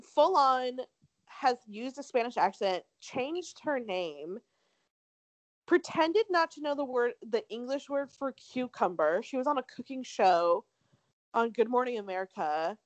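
A woman's voice: fairly high pitch, expressive, a little slow, dry recording. A young woman co-hosting a podcast, gossiping casually in slangy, laughing chat. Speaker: podcast co-host.

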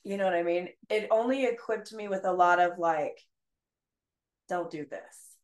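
A woman's voice: mid-range voice, brisk. Reflective woman teacher, roomy echo. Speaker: podcast guest and teacher. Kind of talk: casual podcast conversation. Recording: roomy echoey sound.

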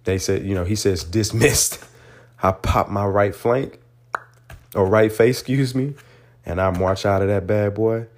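A man hosting a podcast, telling a personal story in an animated, earnest way and drawing a motivational lesson from it. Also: lowish voice, unhurried. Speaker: podcast host. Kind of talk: storytelling monologue.

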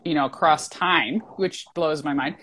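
A fairly low-voiced woman tells her story to an interviewer over a video call. She talks animatedly and often restarts her sentences. There is steady noise behind her. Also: unhurried. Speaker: wine writer and illustrator, guest. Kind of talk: casual interview conversation.

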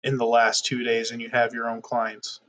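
A man's voice: medium pitch, completely flat delivery, moderate pace, fairly bright tone. A man co-hosting a podcast who teases his cousin and signs off the show. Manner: teasing, wraps up the show. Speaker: podcast producer and co-host. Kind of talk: casual podcast chat.

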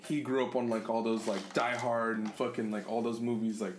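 A man co-hosting a podcast, telling stories in a profane, animated way, full of fillers. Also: on the low side, a little fast. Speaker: podcast co-host. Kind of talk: casual chat, storytelling. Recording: echoey room with faint ambient noise.

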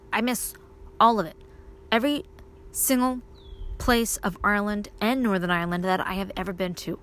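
Outdoors, a woman who is a podcast host and indie author delivers a casual solo monologue for her show. Her medium-pitched voice has a fairly bright tone, and she rambles with plenty of fillers.

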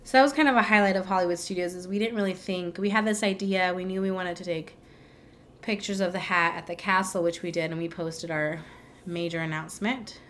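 A woman's voice: on the low side, steady tone, a little fast, a bit bright, slight background noise. A young woman co-hosting a podcast in casual chat, rambling and chatty with lots of "like"s. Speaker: podcast co-host.

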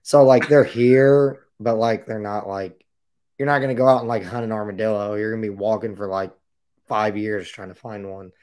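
A man with a hoarse, raspy voice hosts a casual podcast interview. He talks in a relaxed, chatty way with plenty of fillers. His voice sits low and has a mellow, dark tone. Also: normal speed. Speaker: podcast host.

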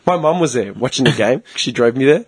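A man telling a story in a casual chat, animated, swearing a lot and laughing often. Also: mid-range voice, fairly quick, slightly rough, dry recording.

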